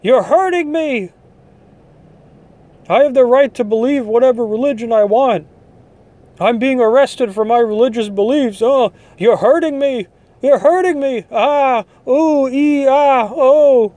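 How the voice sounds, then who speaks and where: A man voicing a whining arrested man who fakes pain with high moans and yelps. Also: unhurried, mellow, no room sound. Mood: protesting. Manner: high whiny moaning and yelping.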